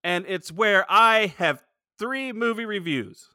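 A man's voice: high voice, slow, sharp tone, clear, resonant tone, no echo, studio quality. A man in his forties co-hosting a podcast in casual, joking chat and laughing often. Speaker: podcast co-host.

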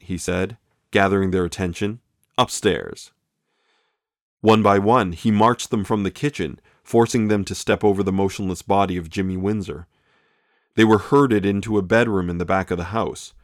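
Man, true-crime narrator, lowish voice, dry close sound, dramatic measured delivery. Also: no room sound. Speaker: podcast host and narrator.

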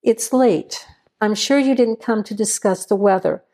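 A woman reading the part of a defiant young woman who answers a sheriff's questions with sharp, defensive replies. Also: mid-range voice, measured pace, close to an everyday voice.

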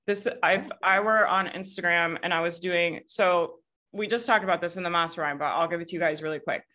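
A woman's voice: on the low side, brisk, bright, forceful tone. A woman with a Southern US accent coaching a group over a video call, talking casually, swearing now and then and laughing often. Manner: casual, laughs often, swears, quotes people in put-on voices. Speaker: business coach.

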